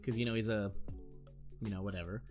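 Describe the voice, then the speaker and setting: A man's voice: on the low side, steady tone, a little mellow, soft background music. A man in his thirties ranting heatedly in casual chat on his stream, swearing often and restarting his sentences. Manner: heated, profane, fast rambling with many restarts.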